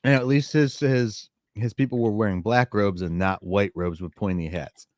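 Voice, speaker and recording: A man's voice: on the low side, steady tone, moderate pace, dry recording, studio quality. A man co-hosting a podcast in casual recap chat, making wry, skeptical asides. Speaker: podcast co-host.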